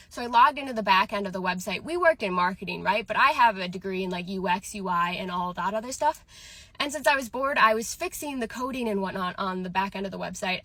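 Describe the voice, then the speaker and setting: A woman in her twenties talks frankly to camera in a casual rant, firing off emphatic questions. Her voice is bright and clear, and it sounds close and dry. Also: medium pitch, dry recording. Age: 20s. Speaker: vlogger.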